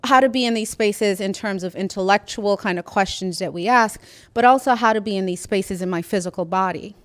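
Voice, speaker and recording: A woman scholar speaks on a conference panel with a crisp, resonant voice that is recorded close and dry. She delivers her points with emphasis and keeps checking in with the room through short tag questions. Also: medium pitch, fairly quick, no room sound. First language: immigrant. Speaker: academic panelist.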